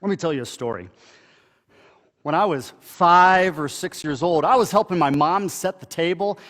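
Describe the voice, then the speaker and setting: A somewhat high-voiced man speaks as a pastor in a church sanctuary, giving a dramatic first-person monologue. His delivery is conversational, full of halting pauses and restarts. His voice rings through a hall with a long, trailing reverb. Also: a bit bright.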